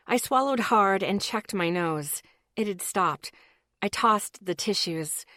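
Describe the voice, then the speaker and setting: A woman's voice: mid-range voice, unhurried, fairly bright tone, dry recording, clean studio sound. A woman narrating a first-person paranormal audiobook in a blunt, tense, profane voice.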